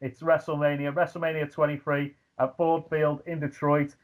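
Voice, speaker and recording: Scouse guest, casual anecdote-teller, slightly high, tinny call audio. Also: male voice, moderate pace. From Liverpool, England. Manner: animated anecdotes with frequent fillers and shouted impressions. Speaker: guest, ring announcer. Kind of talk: casual chat, storytelling. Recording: tinny phone-like line.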